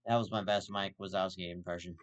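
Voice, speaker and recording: A man's voice: sits low, fairly even intonation, fairly quick. Blunt, profane man ranting. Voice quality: blunt, profane and repetitive, circling back to the same insult. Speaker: show host.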